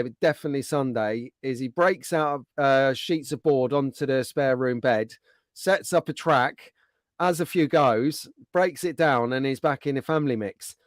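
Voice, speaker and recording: A man's voice: a little high, a bit bright, dry recording, clean studio sound. Chatty male slot car host. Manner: chatty, upbeat, banter with cohost. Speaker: livestream host. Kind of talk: casual chat.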